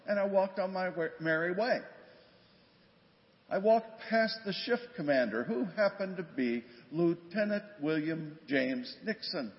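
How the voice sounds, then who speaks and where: A man's voice: high-pitched, expressive, measured pace. An older man and former police officer, recounting a story plainly and conversationally in a church talk. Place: church sanctuary. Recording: dull, long church reverb.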